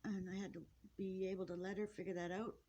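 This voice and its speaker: A woman filming her pet finches indoors, talking casually and haltingly, upset and close to tears, often apologizing and restarting. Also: medium pitch, little pitch movement, dark tone, highs cut off. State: tearful, upset. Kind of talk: casual off-the-cuff narration to camera. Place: indoors at home near a birdcage.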